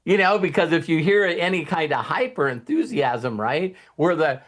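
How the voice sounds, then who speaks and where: Male host with a slightly high voice, rambling and animated casual motivational talk. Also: normal speed. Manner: rambling, animated, often acts out quoted people.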